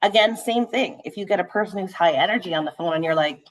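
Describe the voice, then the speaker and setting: A woman with a slightly low voice runs a real estate sales training. She talks fast and with animation, punctuating points with quick "right?" checks to the room. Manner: conversational, frequent "right?" checks. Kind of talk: live sales training session.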